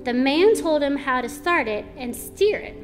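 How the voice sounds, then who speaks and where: Cheerful teasing storybook mama read by a woman, high-voiced, slow and easy. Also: animated, soft background music. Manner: light-hearted, teasing. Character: cheerful teasing farm mother.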